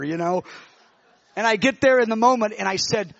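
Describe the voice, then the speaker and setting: A man preaching, telling a vision in an animated, emotional way with many restarts. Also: high voice, quick pace, vocal fry, dry recording, muffled recording. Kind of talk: sermon testimony, telling a vision.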